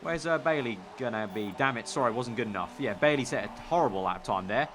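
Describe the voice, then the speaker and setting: A young man with a Northern English accent, giving casual game commentary in a chatty way, thinking aloud with excitable bursts. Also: mid-range voice, fast talker, noisy background. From Northern England. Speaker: gaming YouTuber.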